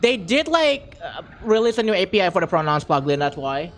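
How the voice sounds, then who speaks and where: A young adult streamer talking casually on a live stream. The voice swings widely in pitch, full of excitable energy, quick laughter and flustered, repeated words. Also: slight background noise.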